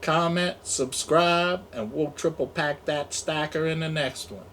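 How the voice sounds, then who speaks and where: A man's voice: fairly high pitch, a little slow, fairly bright tone, slight background noise. A man in his forties hosting an unboxing vlog, talking in a loose, jokey way full of fillers and asides. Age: 40s. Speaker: unboxing channel host. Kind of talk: casual rambling vlog talk.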